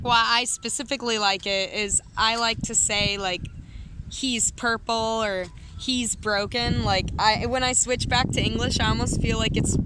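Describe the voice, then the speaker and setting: A woman's voice: on the high side, background noise. A woman vlogger chatting casually to camera, giggly and filling her talk with "like". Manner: chatty, giggly, heavy use of "like".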